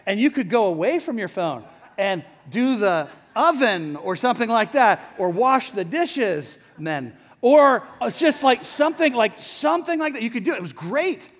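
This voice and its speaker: A middle-aged man preaching a sermon to a hall audience, chatty and lively, often asking the crowd questions. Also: extremely high pitch, moderate pace. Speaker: pastor. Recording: long hall reverb.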